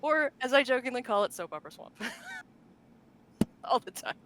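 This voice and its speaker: Against a noisy background, a high-voiced woman with big pitch swings speaks unhurriedly as a podcast co-host. The talk is casual tabletop game lore, and she's chatty, laughing frequently and restarting often with plenty of fillers.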